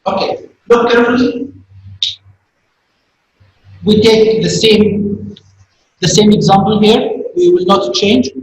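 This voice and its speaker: A man teaching a grammar lesson, speaking slowly and repeating key words for emphasis. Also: sits high, darkish tone, slight background noise. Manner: slow, repetitive, stresses key words. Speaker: high school English teacher. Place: classroom. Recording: echoey room, voice from a distance.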